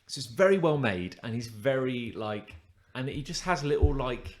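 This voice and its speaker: A man co-hosting a podcast, telling stories in a rambling, animated way with lots of fillers. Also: medium pitch, normal speed. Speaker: podcast co-host. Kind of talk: casual chat.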